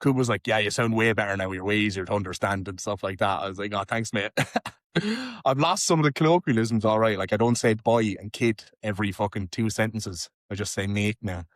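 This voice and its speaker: Low-voiced Tipperary Irish man. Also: a little fast, no room sound, studio quality. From Ireland. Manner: lively storytelling, frequent swearing. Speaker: podcast host. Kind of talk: casual chat.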